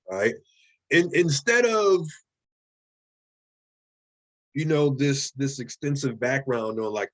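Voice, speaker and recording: A man teaching a college writing class, lecturing casually and checking in often with "okay?" and "right?". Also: medium pitch. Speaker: writing instructor.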